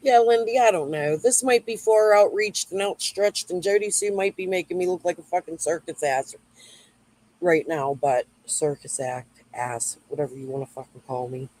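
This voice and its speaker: Rambling and cursing, a female YouTube host works through viewer comments in a casual livestream rant. Her voice is fairly low and a little mellow at a normal speed, with no echo, though the audio quality is poor.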